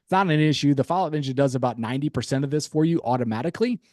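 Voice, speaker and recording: A man presenting a sales pitch on a webinar, upbeat, with light chuckles and casual asides. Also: very fast, darkish tone, dry recording, studio quality.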